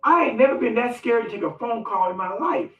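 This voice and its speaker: A man vlogging, telling a comic personal story with dramatic swings between loud outbursts and hushed asides. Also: very high voice, animated, fairly quick, dull audio. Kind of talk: animated storytelling monologue. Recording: echoey room, distant mic, faint music.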